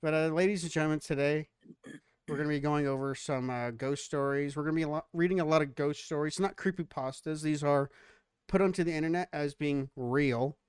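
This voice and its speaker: A man's voice: a little high, steady tone, a little fast, clean tone, no echo, clean studio sound. A man hosting a podcast, bantering casually with jokes and a lot of swearing. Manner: joking, profane banter. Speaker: podcast host.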